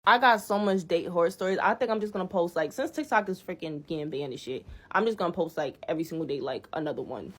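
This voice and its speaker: A young woman from New York tells a story straight to her phone, swearing freely and sounding worked up. Her telling is animated and exasperated, and she moves quickly from flat remarks to outraged bursts. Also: on the low side. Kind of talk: casual storytime vlog.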